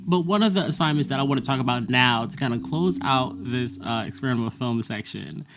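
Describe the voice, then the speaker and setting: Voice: mid-range voice, fairly quick, noisy background. A vlogger talking casually about a semester, blunt and profane, with frequent laughter. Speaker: vlogger recapping a college semester. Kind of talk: casual monologue.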